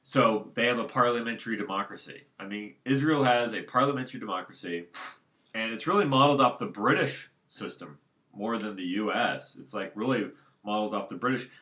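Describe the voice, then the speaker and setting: A man's voice: on the low side, brisk, sharp tone. A man talking alone at home in a casual, unscripted monologue, rambling and circling back to his points. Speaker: solo commentator.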